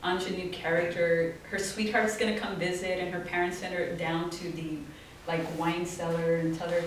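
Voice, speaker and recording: A woman telling animated stories at a talk, often laughing and acting out the voices of people she quotes. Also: fairly low pitch, moderate pace, hardly any pauses, recorded from a distance. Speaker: guest artist. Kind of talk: storytelling talk. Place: small office event space. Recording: very echoey room, from off-mic, faint noise.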